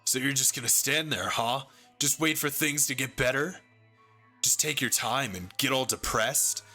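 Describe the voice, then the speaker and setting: Brief: brash condescending biker boss, voiced by a man, forceful. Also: medium pitch, normal speed, faint music behind. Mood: taunting. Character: tough swaggering young biker gang leader.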